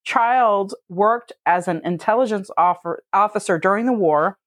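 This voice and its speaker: A woman's voice: mid-range voice, moderate pace, no echo. Dry, matter-of-fact woman. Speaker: co-host presenting facts. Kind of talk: casual comedic chat, reading out facts.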